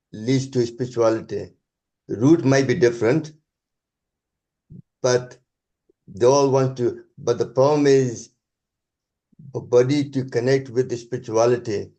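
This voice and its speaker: A man with a Scottish accent giving an earnest, halting spiritual talk over a video call. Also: mid-range voice, mellow. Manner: earnest, halting, restarts sentences. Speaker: guest speaker.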